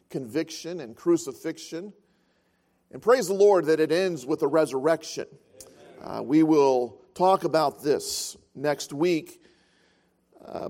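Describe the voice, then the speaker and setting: A man's voice: on the high side, a little mellow. A man preaching a sermon as pastor of a church, telling stories with frequent filler sounds.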